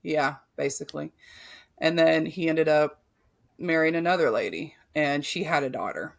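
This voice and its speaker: Woman with a gravelly voice telling a hard story. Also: sits low, moderate pace. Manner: blunt, swears freely, many "like" fillers. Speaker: podcast guest. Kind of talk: candid personal storytelling.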